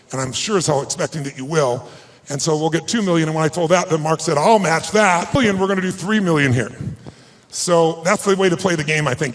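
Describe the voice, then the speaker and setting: A man giving a motivational speech at an event, telling an emotional personal story with emphatic delivery. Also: on the high side. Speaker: motivational speaker. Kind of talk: speech to a live audience. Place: event stage.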